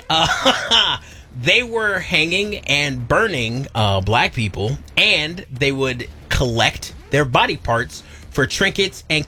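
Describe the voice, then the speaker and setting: Animated wisecracking male radio co-host. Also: medium pitch, a little hiss or hum. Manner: animated, wisecracking, fond of tangents. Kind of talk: casual radio banter.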